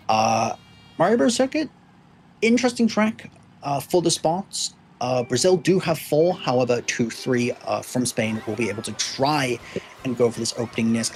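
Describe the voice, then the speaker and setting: A man giving play-by-play commentary on a competitive racing match, measured and hedging, with frequent fillers. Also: mid-range voice, low-quality recording. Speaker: esports commentator.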